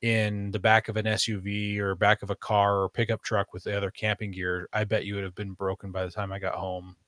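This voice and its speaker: A man's voice: on the low side, level tone, fairly quick, fairly bright tone, no room sound, studio quality. A man chatting casually on a podcast, rambling with fillers and restarts. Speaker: podcast host. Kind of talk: casual chat.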